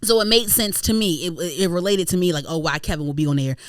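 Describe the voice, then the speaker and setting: A woman hosting a podcast in casual chat, animated and slangy, swearing freely. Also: lowish voice, fast, no echo, studio quality. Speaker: podcast host.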